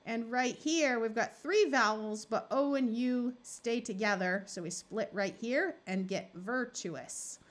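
Woman, reading tutor, slightly high voice, methodical explaining. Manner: slow, explaining, sounds out words. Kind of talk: phonics lesson.

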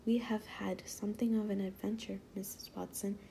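A doting, fussy husband from a storybook, read out by a woman. The voice is mellow and a bit gravelly, spoken softly and close to a whisper. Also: medium pitch, flat delivery, normal speed, slight background noise, lightly acted. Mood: tender.

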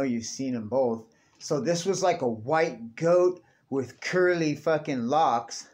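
Young dude ranting, swears nonstop, rambly, says dude every line. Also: male voice, fairly high pitch, a little mellow. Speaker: vlogger. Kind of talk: casual rant to camera.

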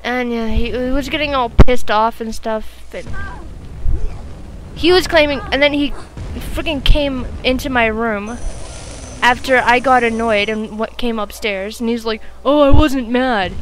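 A woman with a fairly high voice chats over a video game she is playing. She rambles through an exasperated story, leaning on lots of fillers. Steady loud noise runs under her voice. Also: measured pace, low-quality recording. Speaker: let's play gamer. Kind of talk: casual chat over gameplay.

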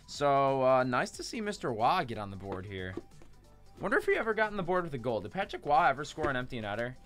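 A young man calls out names and rips open boxes in a chatty, self-mocking way. His voice swings up and down in a lively, animated way. Soft music plays faintly behind him. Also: mid-range voice, fast talker. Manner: chatty, self-deprecating, jokey asides. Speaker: card break host. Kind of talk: live card break commentary.

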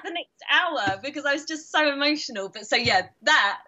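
A British woman in her thirties, a karate champion, chatting in an interview and telling animated stories with frequent laughter. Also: fairly high pitch, a little fast, few pauses. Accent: British English. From Britain. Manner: animated storyteller, laughing often, acting out quotes. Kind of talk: casual interview chat.

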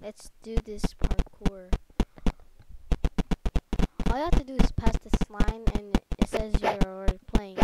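A woman giving chatty, excitable commentary while playing a computer game at a desk microphone. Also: medium pitch, measured pace, pauses often, heavy background noise. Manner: excitable, chatty, easily startled. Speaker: let's play host. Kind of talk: casual gameplay commentary.

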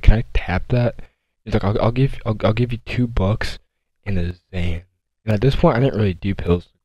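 A man's voice: lowish voice, mellow, no echo, dull audio. A young man casually telling a rambling, profane story full of asides and restarts. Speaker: vlogger. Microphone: console headset mic.

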